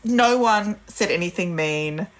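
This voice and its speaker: A woman, calmly explaining parenting advice in a casual chat. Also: mid-range voice, measured pace. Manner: calm, gentle and explanatory. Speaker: parenting podcast guest.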